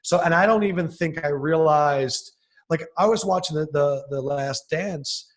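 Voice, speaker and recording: A young man from around Philadelphia, a sports TV host, shares stories at a measured pace in a casual podcast interview. He sounds a little high and breaks into excited, animated bursts.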